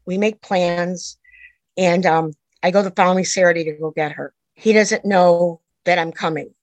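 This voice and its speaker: A middle-aged woman with a lowish voice recounts a family story in earnest, meandering sentences that keep jumping back and forth in time. The recording is dry and close, with almost no room sound. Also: steady tone, moderate pace, no echo, low-quality recording. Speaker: interviewee, a mother telling her daughter's story. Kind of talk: personal storytelling.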